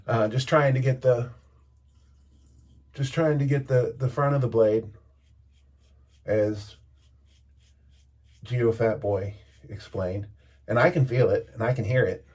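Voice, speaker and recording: A man shaves during a casual vlog, spinning a rambling tale and pausing to comment, chatty and self-interrupting throughout. He talks slowly at a medium pitch, with long pauses and a slightly mellow, breathy voice.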